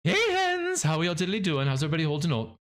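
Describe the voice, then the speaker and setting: A man's voice: a little high, wildly swooping pitch, quick pace, a bit bright, pitched above the performer's own voice. A man impersonating a bubbly female game streamer in a squealing, exaggerated cheerful voice.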